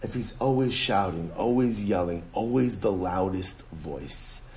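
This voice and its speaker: A man's voice: deep voice, a little slow, a little hiss or hum. A man, a rabbi, teaching a Talmud lesson, emphatic and repetitive, mixing in Hebrew and Aramaic terms. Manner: animated, emphatic, repeats phrases, switches between English and Hebrew-Aramaic terms. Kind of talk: Talmud lecture.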